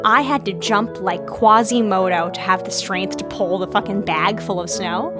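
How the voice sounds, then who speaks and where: A woman co-hosting a podcast in casual chat, quick and teasing, laughing often. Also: medium pitch, music in the background. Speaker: podcast co-host.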